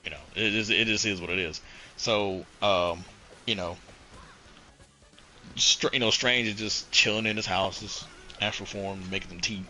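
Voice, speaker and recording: Low forceful man retelling comics. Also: steady tone, normal speed, pauses often, soft background music, rough recording. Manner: rambling retelling, heavy on "you know" and profanity. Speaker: podcast co-host. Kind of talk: casual comic book chat.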